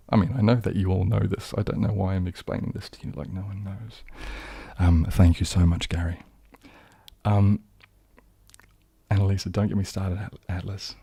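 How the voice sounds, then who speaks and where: With a low, dark, husky voice recorded close and dry with no room sound, a young New Zealander hosts a live chat as an ASMR streamer. His accent drifts toward southern English, and he chats casually, rambling in a self-deprecating way through ums and false starts.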